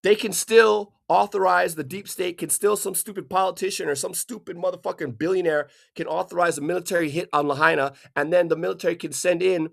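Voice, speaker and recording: A man from Hawaii delivering an angry, profanity-filled rant, swearing constantly and bursting into shouts. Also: high-pitched, fairly even intonation, a little fast, gravelly, hardly any pauses. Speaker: vlogger.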